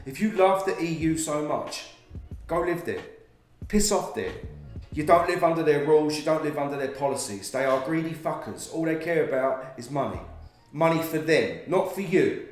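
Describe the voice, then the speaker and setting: Man, angry profane ranter, slightly high voice, booming room echo. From England. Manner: profane, confrontational ranting with slang. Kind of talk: angry ranting commentary. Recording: very echoey room.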